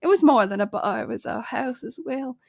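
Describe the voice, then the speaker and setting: High-voiced female player, hesitant, rambling in-character talk. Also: brisk, gravelly. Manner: rambling, hesitant, self-conscious. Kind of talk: casual in-character role-play.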